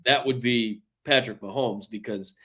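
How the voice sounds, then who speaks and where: A man's voice: medium pitch, measured pace, bright, forceful tone, breathy edge. A man co-hosting a sports betting podcast, talking casually in a rambling, jokey way with many restarts. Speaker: podcast co-host.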